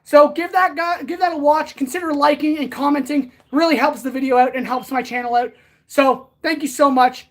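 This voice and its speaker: Lady with a high voice chatting on a livestream, kinda out of breath from swinging stuff around. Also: steady tone, fairly quick. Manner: winded, talking while swinging a sword; chatty, answers viewers directly. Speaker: blacksmith livestream host. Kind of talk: casual livestream chat.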